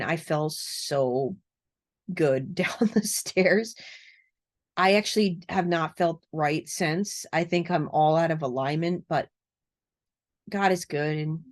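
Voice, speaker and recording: A woman coaching people on narcissism in a casual vlog, speaking earnestly from a cluttered room at home. She rambles, fills pauses with "um" and "uh," and laughs softly now and then. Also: sits low. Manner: rambling and earnest, with frequent fillers and soft laughs. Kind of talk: casual talking-to-camera vlog.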